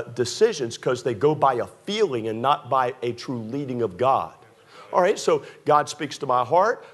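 A man preaching a sermon to a congregation, animated, his voice climbing high when he acts out pleading prayers. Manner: drops soft and low acting out a scared prayer. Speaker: pastor. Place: church sanctuary with a congregation.

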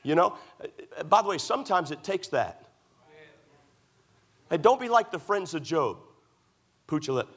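A pastor from Maryland delivers a sermon in a church, his voice sitting a little higher than most men's. He mixes homey stories with emphatic rhetorical questions. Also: very animated, measured pace, pauses often, fairly bright tone. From United States (Maryland). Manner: folksy storytelling preacher, rhetorical questions, emphatic.

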